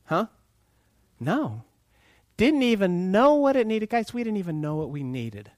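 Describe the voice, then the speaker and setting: A man's voice: high voice, sing-song, a little slow, long pauses, no echo. A man preaching a sermon, asking the congregation questions and acting out voices in quotes. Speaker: pastor.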